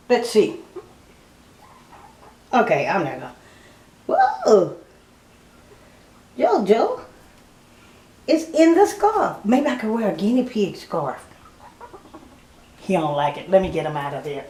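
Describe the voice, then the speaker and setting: A woman's voice: medium pitch, warm tone, echoey room. A woman in her fifties chatting casually to her viewers, laughing often and calling them y'all. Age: 50s. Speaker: vlogger. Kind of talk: casual chat to camera.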